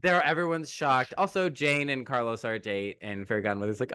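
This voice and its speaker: Guy co-host rehashing a movie, jokey and animated, dry close mic. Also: mid-range voice, a little fast, clean tone, no echo. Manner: animated, jokey, quotes characters in sped-up asides. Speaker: podcast co-host. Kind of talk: casual chat recapping a movie.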